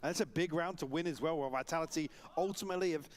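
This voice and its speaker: A man's voice: on the high side, fast talker, a crowd in the background. A man giving esports analysis commentary, breaking down the plays.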